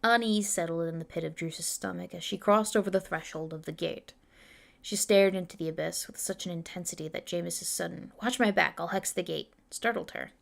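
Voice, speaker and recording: A woman's voice: fairly low pitch, fairly even intonation, fairly quick, creaky. A woman streaming a reading of her own novel, chatting casually with viewers and talking herself through the pages. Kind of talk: livestream chat and book reading.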